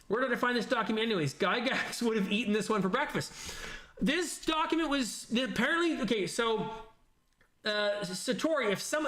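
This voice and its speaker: A man's voice: high voice, a bit bright, reverberant. A man casually chatting on a livestream, reading viewer comments and thinking aloud with lots of fillers.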